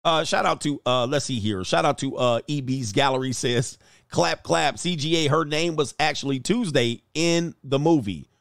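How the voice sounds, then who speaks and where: A man's voice: mid-range voice, moderate pace, vocal fry, a bit bright, dry recording, clean studio sound. A man hosting a casual livestream, reading out chat comments and joking in a loose, slangy way. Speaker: dating coach and channel host.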